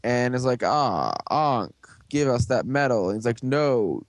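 A young man hosting a casual chat, rambling through a recap with lots of fillers and quick put-on voices for the characters. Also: mid-range voice, animated, no room sound. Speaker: podcast host recapping a show.

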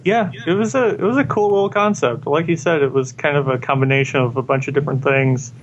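A young man co-hosting a casual chat, relaxed and easygoing, often restarting his sentences. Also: on the high side, fast, lo-fi sound, a little hiss or hum.

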